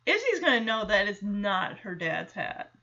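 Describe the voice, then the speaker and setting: Young woman, TV recap, gushing and excited, bright voice, lo-fi sound. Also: mid-range voice, measured pace. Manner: gushing, enthusiastic. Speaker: show recap vlogger. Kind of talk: casual TV recap.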